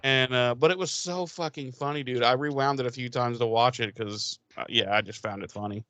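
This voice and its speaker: A man in mid-pitched voice chats casually on a podcast, swearing freely and getting animated. The sound is dry and close, with no room in it. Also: a little fast, no echo, dull audio. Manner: swearing, animated, quotes characters in put-on voices. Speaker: podcast co-host. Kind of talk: casual chat recapping a TV episode.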